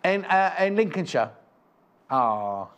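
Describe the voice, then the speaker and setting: A man's voice: a little high, big pitch swings, takes it slowly, smooth. A man presenting live on a shopping channel, chatting and rambling between prices and correcting himself as he goes. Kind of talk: live TV selling chat. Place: TV studio.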